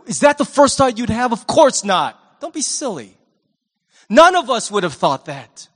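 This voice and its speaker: A man preaching a sermon in a church, conversational and animated, swinging between loud and hushed. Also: very high-pitched, a little slow, husky, in a large hall. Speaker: pastor.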